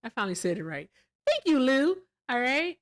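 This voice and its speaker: An animated woman host from Virginia chats casually on her livestream. Her voice sits a little high, and she gushes over her viewers, bursting into loud excitement and then dropping into soft, muttered asides. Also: normal speed. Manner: animated, gushing thanks to viewers, swings between loud excitement and quiet asides.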